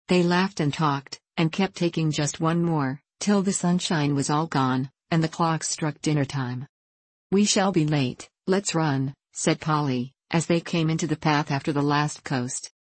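A woman narrating a classic story in a measured, even reading voice. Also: low voice, no room sound. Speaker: audiobook narrator. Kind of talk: scripted narration.

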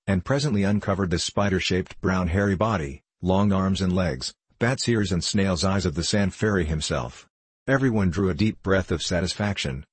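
An audiobook narrator reads a children's storybook aloud, even and measured. His very low voice has a husky grain and is recorded close and dry, with no room sound.

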